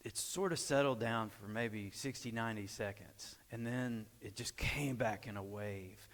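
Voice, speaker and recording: A man's voice: lowish voice, unhurried. Man telling a story in an echoey church. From Arkansas, USA. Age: 40s. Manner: lively storyteller, acts out quoted dialogue. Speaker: church speaker. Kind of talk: personal storytelling talk. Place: church sanctuary.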